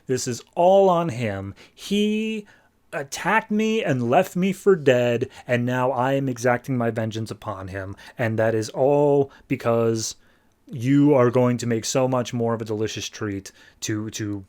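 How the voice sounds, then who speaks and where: A man's voice: mid-range voice, unhurried, darkish tone, close to an everyday voice. A man voicing a vengeful adult male villain who gloats spitefully. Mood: gloating.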